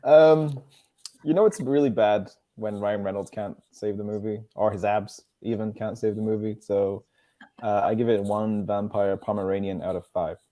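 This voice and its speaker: A man reviewing a film in a casual chat, blunt and animated in his telling. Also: fairly low pitch, moderate pace.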